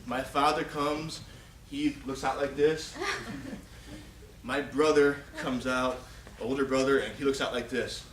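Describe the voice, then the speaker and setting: A man's voice: mid-range voice, unhurried, pauses often. A man in his forties giving a humorous storytelling speech at a contest, acting out the scenes as he goes. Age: 40s. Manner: animated, acts out scenes and shouted pleas. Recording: echoey hall, distant mic, noisy.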